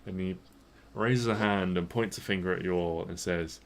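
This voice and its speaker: Low-voiced man narrating a tabletop game. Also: normal speed. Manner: relaxed, rambling description with many fillers. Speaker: game master.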